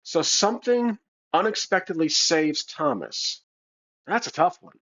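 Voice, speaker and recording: A man's voice: fairly high pitch, animated, measured pace, a bit bright. A man narrating his solo tabletop adventure, thinking aloud with hesitations and restarts. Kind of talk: casual solo role-play narration. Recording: slightly dull lo-fi sound.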